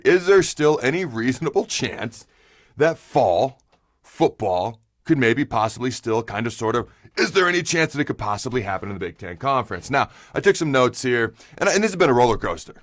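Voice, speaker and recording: A man's voice: mid-range voice, sing-song, a little fast, no room sound, studio quality. A man hosting a sports talk show, ranting with rhetorical questions and emphatic asides. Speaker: host. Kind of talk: opinionated sports talk monologue.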